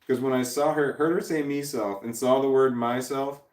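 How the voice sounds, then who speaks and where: A man's voice: mid-range voice, fairly even intonation, moderate pace, darkish tone. A man in his forties chatting casually on a livestream, rambling, swearing freely and chuckling as he reads viewers' messages. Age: 40s. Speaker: livestreamer reading chat. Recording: roomy sound from a distant mic.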